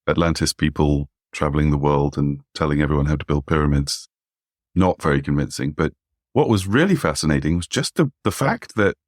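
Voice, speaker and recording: A man's voice: low-pitched, dry recording, studio quality. A man in casual podcast chat, skeptical and thinking aloud with frequent restarts.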